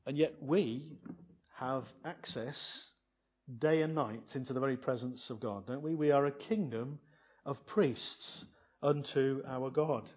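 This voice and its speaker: A man's voice: mid-range voice, slow, breathy edge. A man preaching an evening sermon on a psalm, earnest and building to fervent emphasis, with many restarts.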